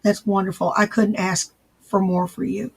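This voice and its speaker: A man hosting a casual livestream, answering viewers in his chat and gently repeating his reassurances. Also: high voice, little pitch movement, normal speed, creaky, breathy edge. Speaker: livestream host.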